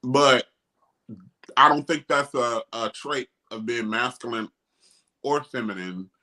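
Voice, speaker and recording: Middle-aged guy hosting a chat show, bright forceful voice, really animated. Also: medium pitch, takes it slowly. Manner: animated, emphatic, quotes others in mocking voices. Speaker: host. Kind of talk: casual discussion.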